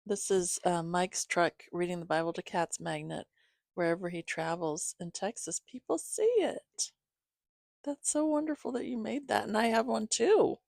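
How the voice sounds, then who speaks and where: A woman hosting her own channel, chatting casually with viewers as she shows gifts, giggling often and filling pauses with "um". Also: lowish voice, vocal fry, a little mellow, dry recording. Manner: chatty, giggly, many fillers. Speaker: channel host reading to her cats. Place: home, reclining.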